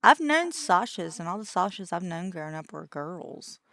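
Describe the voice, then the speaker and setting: A woman's voice: fairly low pitch, sing-song, moderate pace, fairly bright tone, no echo, clean studio sound. A woman streaming a game with her husband, chatting bubbly and giggly with viewers. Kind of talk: casual gaming stream chat.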